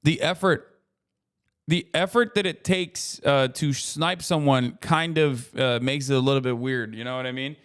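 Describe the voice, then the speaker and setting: A man's voice: medium pitch, normal speed, fairly bright tone, clean tone. A man talking casually as a streamer while reacting to a video, rambling and swearing a lot as he acts out how strangers react to him. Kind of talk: casual profane commentary.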